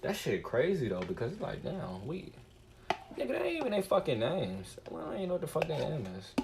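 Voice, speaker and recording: A man rambling through a casual streamer monologue, his pitch swinging up and down as he gets worked up. He swears constantly and muses aloud in an animated, wandering way. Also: brisk, creaky, noisy background. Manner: profane, animated and musing.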